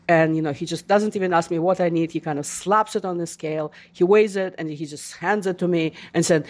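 A woman's voice: on the low side, brisk, hardly any pauses. A woman, an author being interviewed, telling stories and acting out the voices of people she quotes. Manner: animated, acts out quoted voices. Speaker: guest author. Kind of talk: casual interview conversation.

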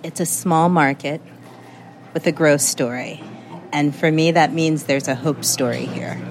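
A woman's voice: low-pitched, unhurried, faint music behind. A woman from Indiana, a chief economist, answering interview questions in a cafe with emphatic repetition. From Indiana, USA.

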